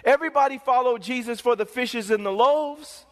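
A man's voice: very high voice, moderate pace. A male pastor preaching a sermon in an emphatic, repetitive, call-and-response manner, with a long hall reverb.

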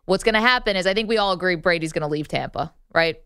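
A woman's voice: fairly low pitch, quick pace, bright, forceful tone, smooth, no room sound, clean studio sound. A woman co-hosting a sports talk show, giving opinionated takes in a casual debate. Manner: opinionated, argues points with laughs.

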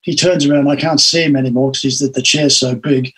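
An older Australian man, a guest in an interview, telling long stories with lively acted-out quotes. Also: medium pitch, a little fast, slightly rough, poor audio. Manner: animated anecdotal storytelling with acted-out quotes. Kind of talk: storytelling in an interview.

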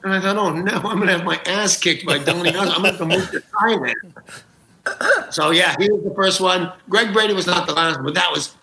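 A man's voice: high-pitched, fast talker, vocal fry, few pauses, bright, forceful tone, reverberant, a little hiss or hum, low-quality recording. A man, a talk show guest, telling comic anecdotes with gusto, acting out quotes and laughing at his own jokes. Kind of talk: animated comic storytelling.

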